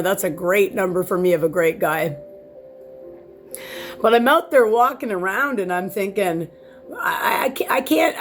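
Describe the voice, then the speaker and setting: A woman vlogging from home in a casual, heated rant, rambling and swearing with lots of restarts, filmed by a camera set far back in the room. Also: mid-range voice. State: sore back.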